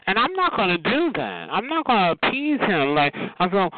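A man's voice: sits high, wildly swooping pitch, normal speed, hardly any pauses, dry recording. Sassy man ranting over a phone line. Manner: sassy, profane ranting, calls people honey and child. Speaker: host of a call-in chat. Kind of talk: casual call-in chat. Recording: tinny phone line with crowd chatter.

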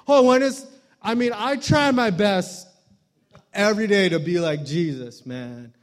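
A man's voice: sits high, unhurried. A man, a guest pastor opening his sermon with jokes and playful put-on voices. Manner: joking, playful, does voices and accents.

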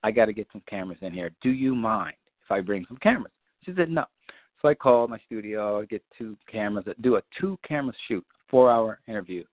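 A man on a community call, telling a long story in a loose, profane way and acting out scenes with high-pitched quotes. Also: animated, a little fast, no echo. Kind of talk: animated storytelling chat. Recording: dry, phone-like line.

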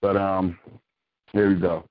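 A caller from Philadelphia recites a spoken-word poem with a rhythmic, punchy delivery on a dull, lo-fi call-in line. His voice is low and slow, with little pitch movement and no echo.

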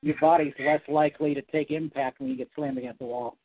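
A man, a comic book writer, talking as a guest in a casual interview, animated and rambling. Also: on the high side, fast, no room sound. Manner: animated, rambling, self-correcting. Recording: dry, tinny phone-like sound.

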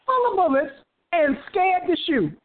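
Woman preaching hard, high voice that swings all over, keeps repeating herself and shouting hallelujah. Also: very animated, a little slow, narrow, tinny audio. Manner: impassioned, bursts into hallelujahs, repeats phrases. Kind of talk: fervent preaching.

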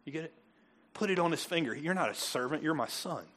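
A man preaching a sermon as pastor, dropping to soft, intimate asides and rising to loud, emphatic peaks, often laughing as he talks. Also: a little high, lively intonation, fast. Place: church sanctuary.

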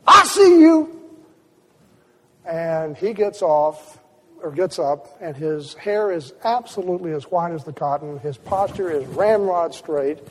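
A man's voice: a little high, dark tone, breathy edge, long reverb tail. A man telling a vivid story to an audience, often stopping and restarting his sentences. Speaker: speaker. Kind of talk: storytelling lecture.

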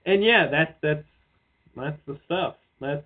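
Male podcast co-host, high voice, profane and rambling, tinny phone-like sound. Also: slow pace. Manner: profane, rambling, mocking asides. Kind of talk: casual chat.

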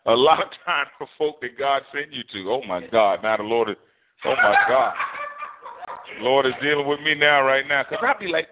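A man's voice: medium pitch, moderate pace. Preaching man over a tinny phone line. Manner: animated preaching, voicing God and Moses in quotes. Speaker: pastor. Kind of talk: sermon.

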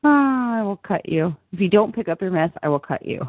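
A woman's voice: mid-range voice, expressive, brisk, no room sound, lightly acted. A woman reading lines as a wild, giddy woman inmate with odd sayings, in an earnest, offbeat way. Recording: tinny phone-like line, dry.

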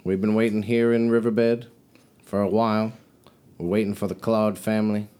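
A grumbling, folksy caravan trader woman drawls her words, as a man puts her on. Her voice sits low and she talks plain and gruff. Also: little pitch movement, normal speed, dark tone, lightly acted. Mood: wary.

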